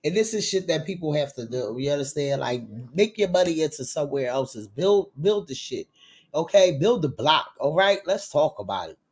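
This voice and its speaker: Emphatic, profane gossip-show host. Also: male voice, on the high side, animated, normal speed, slightly rough. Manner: emphatic, profane, catchphrase-heavy. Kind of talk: celebrity gossip commentary.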